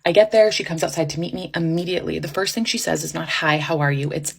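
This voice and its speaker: A woman's voice: lowish voice, fast talker, vocal fry, hardly any pauses. A woman telling a dating story in a wry, self-mocking comic way. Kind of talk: casual storytime.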